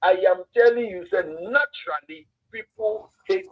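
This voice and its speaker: Animated Ghanaian man, husky voice. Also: high-pitched, normal speed, rough recording. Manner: animated, emphatic, repeats words for effect. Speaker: political commentator host. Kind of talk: casual political talk stream.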